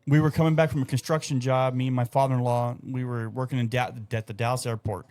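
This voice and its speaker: A man's voice: medium pitch, flat delivery, quick pace, a little mellow, clean tone. A young adult man, telling stories in a loose, profane way on a casual podcast. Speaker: podcast co-host. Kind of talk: casual chat.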